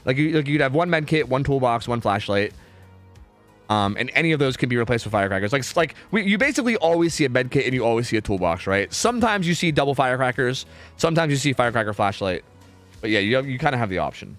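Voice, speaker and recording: A man's voice: medium pitch, big pitch swings, quick pace, a bit bright. Chatty young male stream caster. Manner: chatty, many fillers, reads chat aloud. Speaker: streamer casting game scrims. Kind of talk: casual live commentary. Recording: faint music behind.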